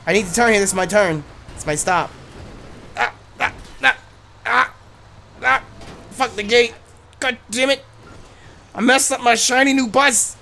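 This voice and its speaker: A man streaming a driving game live, joking loudly and crudely and yelling at the characters on screen. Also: high-pitched, animated, normal speed. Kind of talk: live gameplay commentary.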